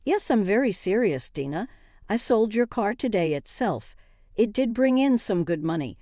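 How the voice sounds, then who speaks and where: A woman's voice: medium pitch, big pitch swings, normal speed, dark tone, no room sound, clean studio sound, voice pushed up, close to an everyday voice. A woman voicing a smug, entitled older mother-in-law who talks in a nonchalant, dismissive way in a narrated story.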